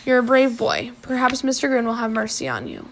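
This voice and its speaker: A woman reading the lines of a stern, bitter old island chief in a grave, measured, slightly hushed voice, her own voice high and a little gravelly. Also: wildly swooping pitch, exaggerated voice.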